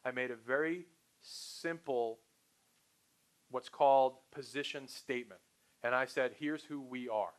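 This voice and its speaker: A man's voice: mid-range voice, measured pace, long pauses. A man leading a sales training session, talking casually to trainees and acting out short phone exchanges. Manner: animated, acts out customer and salesperson lines. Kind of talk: live sales training talk.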